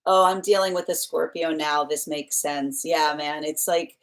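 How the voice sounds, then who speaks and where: A woman's voice: sits low, steady tone, a little slow. A woman tarot reader chatting casually with viewers on a live stream, giggling often and filling her talk with "like" and restarts.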